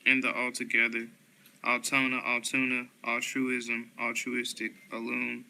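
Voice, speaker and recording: A man reading a long list of dictionary words aloud one by one, steady and unhurried, with small slips and corrections. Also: medium pitch, gravelly, heavy background noise.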